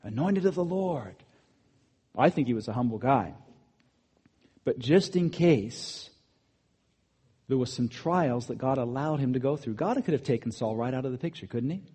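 A man preaching a sermon, swinging between loud, emphatic bursts and quiet asides. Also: mid-range voice, animated, moderate pace, pauses often, slightly rough. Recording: long hall reverb.

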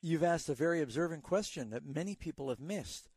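A man's voice: a little high, lively intonation, brisk, darkish tone, slightly rough, no echo. A man hosting a call-in Bible radio show, earnestly explaining scripture to callers in a teaching way. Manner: earnest, teaching tone with a storytelling aside.

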